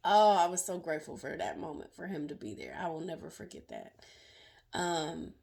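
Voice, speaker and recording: A middle-aged woman sharing her own story as a survivor, in emotional, halting personal testimony full of fillers and restarts. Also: deep voice, sing-song, gravelly, darkish tone.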